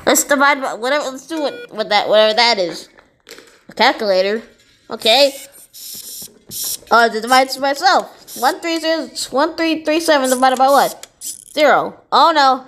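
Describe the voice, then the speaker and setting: A woman with a high voice plays SpongeBob, the goofy, excitable cartoon sea sponge. In character, she plays a video game and chatters away to viewers.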